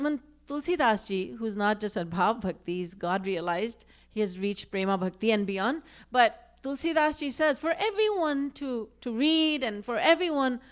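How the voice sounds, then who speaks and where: A woman giving a devotional discourse, reciting verses and acting out quoted speech with expression. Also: a little high. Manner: recites Sanskrit and Hindi verses. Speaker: spiritual teacher.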